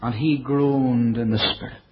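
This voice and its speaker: A man preaching a sermon in a measured way, dropping his voice low and soft for quoted verses. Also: steady tone, background noise. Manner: measured preaching, quoting scripture in older English. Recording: dull, lo-fi recording.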